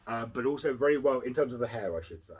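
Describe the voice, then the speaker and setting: A man co-hosting a casual review chat, giving measured, thoughtful opinions. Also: mid-range voice, animated, slightly rough. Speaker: podcast co-host.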